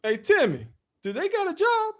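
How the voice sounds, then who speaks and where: A man's voice: very high voice, huge pitch swings, moderate pace, a bit bright, voice pushed up, heavily acted. A man voicing a blunt older uncle who likes to cuss, asking teasing questions in a raised voice.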